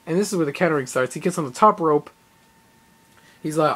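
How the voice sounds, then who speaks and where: A young man casually recapping a live event he attended, rambling and excitable, with lots of fillers and acted-out quotes. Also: on the high side, moderate pace. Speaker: vlogger.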